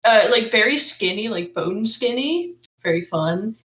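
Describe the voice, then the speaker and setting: A woman's voice: mid-range voice, animated, measured pace, a bit bright. A crude, playful woman player who swears freely and slips into character. Her voice sits mid-range. It sounds roomy and a little dull, like lo-fi audio in an echoey room. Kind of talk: casual tabletop role-play.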